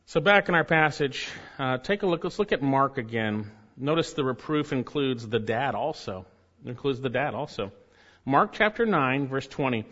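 Emphatic preacher in a dull echoing hall. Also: male voice, medium pitch, animated, moderate pace, fairly bright tone. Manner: emphatic, rises sharply when reading quotes. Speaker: pastor. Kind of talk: sermon.

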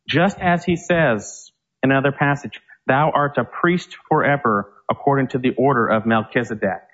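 A male preacher giving a Bible teaching sermon, reading scripture slowly and with emphasis. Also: mid-range voice, a bit bright, dull audio. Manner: slow, emphatic verse reading.

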